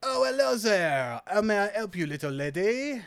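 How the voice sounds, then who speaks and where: A man voicing a mustachioed male kiosk merchant with a fake French accent, flattering and salesy. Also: high-pitched, normal speed, creaky, clean tone, dry recording, studio quality, voice pushed up, heavily acted. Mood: fawning.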